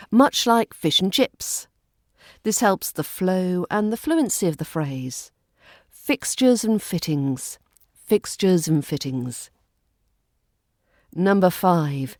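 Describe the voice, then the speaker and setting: British woman, accent coach; lowish voice, unhurried, precise drilling, dry close sound. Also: a little mellow, no room sound. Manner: slow, careful drilling of words and phrases. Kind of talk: pronunciation lesson.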